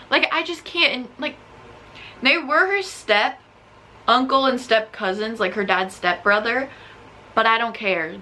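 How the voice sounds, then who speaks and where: A young woman vlogging about books in a casual, animated way, full of "like" and exasperated outbursts. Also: fairly high pitch, a little slow, slight background noise. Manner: animated, exasperated, filler-heavy with frequent "like". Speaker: book vlogger. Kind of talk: casual ranting book review.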